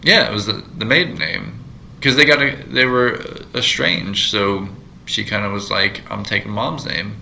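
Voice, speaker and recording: A man with a fairly low but very bright, cutting voice chats casually on a podcast. He rambles through his thoughts, stalling on fillers and restarting his sentences. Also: moderate pace, creaky, slight background noise, poor audio. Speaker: podcast co-host. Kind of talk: casual chat.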